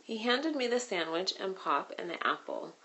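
A woman reads a children's novel aloud, telling the story expressively. Her voice sits at a middle pitch, neither high nor low. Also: big pitch swings, normal speed, a bit bright. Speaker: reader.

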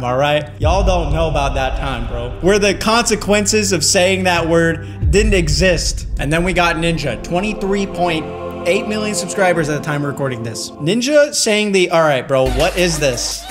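A man giving loud, incredulous reaction commentary on video clips, full of slang. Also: high-pitched, animated, moderate pace, soft background music. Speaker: commentary YouTuber.

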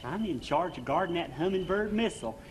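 An actor playing a naive, good-natured country soldier, folksy and earnest, in a 1960s TV comedy sketch. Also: male voice, a little high, animated, fairly quick, slight background noise, natural voice.

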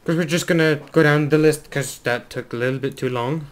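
A man hosting a let's play, commentating excitedly to himself as he flies, at a desk mic at home. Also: a little high, brisk. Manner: excitable, talks to himself while flying. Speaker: gaming video host.

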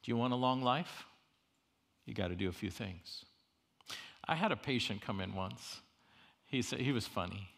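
A middle-aged man preaching a sermon at a university, animated and humorous, swinging between loud emphasis and quiet asides. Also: lowish voice, normal speed, creaky. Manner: humorous storytelling. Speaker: university chapel speaker.

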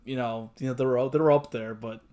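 A man's voice: mid-range voice, fairly even intonation, fairly quick, dark tone. A young man hosting an anime reaction, exclaiming and swearing, often repeating himself in disbelief. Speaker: anime reaction channel host. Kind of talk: emotional anime reaction commentary.

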